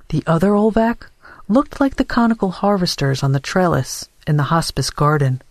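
A narrator reading a story aloud in an even, unhurried way. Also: mid-range voice, dry recording. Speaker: audiobook narrator. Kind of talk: scripted narration.

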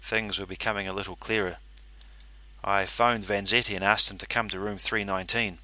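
A man's voice: lowish voice, steady tone, fairly quick, pushed and bright, no room sound. A man reading a first-person story aloud, in a dry, matter-of-fact narrating manner.

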